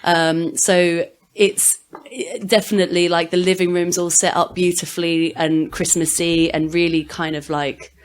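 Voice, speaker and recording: A woman's voice: on the low side, level tone, unhurried, clean tone. A woman co-hosting a podcast, recounting a trip in meandering casual chat full of fillers. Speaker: podcast co-host.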